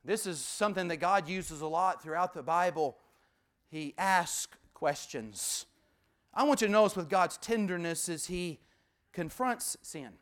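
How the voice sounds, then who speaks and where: A man preaching a sermon as pastor, emphatic, repeating key phrases and sometimes dropping to a hushed voice. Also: sits high, expressive, a little slow.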